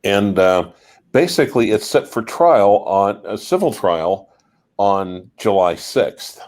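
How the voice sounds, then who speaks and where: A man chatting on a livestream, calmly recounting what he has heard. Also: fairly low pitch, slow. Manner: easygoing storyteller, relaxed. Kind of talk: casual livestream chat.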